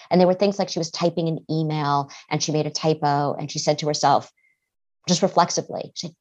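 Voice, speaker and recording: Woman, low voice, middle-aged, earnest, therapist guest on podcast interview. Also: fairly even intonation, a little fast, darkish tone. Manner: earnest, acts out quoted voices.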